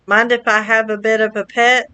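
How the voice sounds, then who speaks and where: A woman's voice: on the high side, little pitch movement, moderate pace, pushed and bright, slight background noise, poor audio. A woman reading out a gushing young female street magician in a flowery, overly sweet manner. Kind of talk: reading game dialogue aloud.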